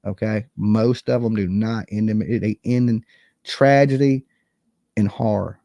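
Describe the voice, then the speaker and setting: This true crime channel host speaks a little slowly in a lowish, creaky, warm voice with fairly even intonation. Chatting casually on a livestream, he's blunt and profane and reads out comments from chat. Clean studio sound, with no room sound.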